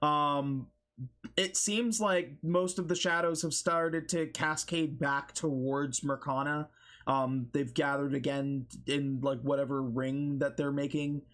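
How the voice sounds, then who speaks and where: A man runs a tabletop game as game master, narrating in a loose, rambling way full of fillers. His voice sits slightly high and he takes his time. The sound is casual and unpolished. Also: fairly even intonation, slow, a bit bright.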